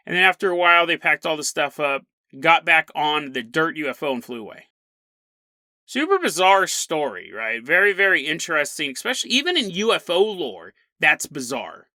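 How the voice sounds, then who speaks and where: A man hosting a podcast, telling a strange story in a chatty, animated way. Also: a little high, no room sound. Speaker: podcast host. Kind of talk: casual solo podcast monologue.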